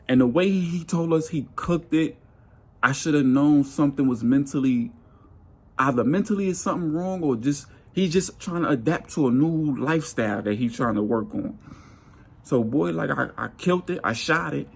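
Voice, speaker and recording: A man telling a workplace story in a casual monologue, animated, acting out his coworkers' lines. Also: normal speed, gravelly, breathy edge. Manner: animated, acts out coworkers' lines with jumps in pitch.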